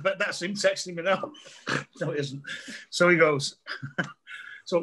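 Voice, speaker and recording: A man's voice: on the high side, measured pace, pauses often, a bit bright, slight background noise. A middle-aged man, a comedian telling funny stories in a casual chat, laughing often and acting out voices. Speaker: comedian guest.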